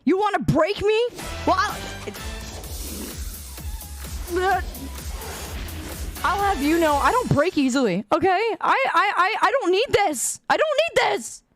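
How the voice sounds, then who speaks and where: A woman's voice: very high voice, big pitch swings, a little slow, pauses often, fairly bright tone, soft background music. A young adult woman streaming a game, reacting with exasperated, dramatic pleading and outbursts. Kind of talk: reactive livestream gaming chat.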